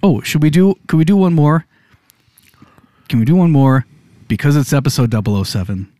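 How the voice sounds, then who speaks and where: A man's voice: fairly high pitch, animated, a little fast, pauses often, dark tone, no echo, studio quality. A man co-hosting a comedy podcast, joking around with frequent laughter. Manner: laughs often, playful. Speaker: podcast co-host. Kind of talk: casual comedic banter.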